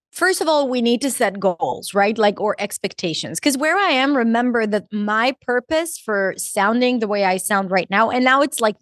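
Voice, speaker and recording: Woman guest from Israel, English teacher, deliberate and articulate, dry close sound. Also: mid-range voice, no echo. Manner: articulate, deliberate, stretches key words. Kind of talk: podcast interview answer.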